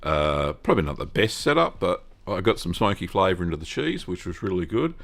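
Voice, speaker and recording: A man's voice: sits low, sing-song, fairly quick, gravelly. An Australian man hosting a live-stream Q&A, talking in a rambling, casual way full of fillers and greeting viewers by name.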